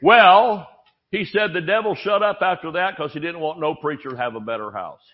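A man preaches with lively storytelling, acting out voices and dropping jokes along the way. His voice sits a little high for a man. The recording sounds dull and lo-fi, like archived church audio. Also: fast, slight background noise. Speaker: pastor. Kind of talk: sermon.

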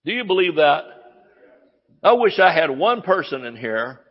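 A man preaches a sermon with excitable energy, his fairly high voice leaping up and down as he fires rhetorical questions at the room. The recording is muffled and carries a long hall reverb. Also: moderate pace. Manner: excitable, exclamatory, talks to the congregation with rhetorical questions.

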